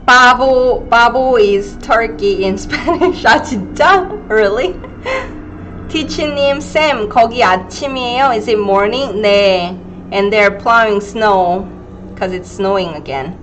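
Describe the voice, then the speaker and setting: A woman in her thirties with a Gyeongsang Korean accent, teaching a live online language lesson and drilling pronunciation slowly and carefully. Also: mid-range voice, fairly bright tone, slight background noise. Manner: slow, careful pronunciation drills, reading viewer comments.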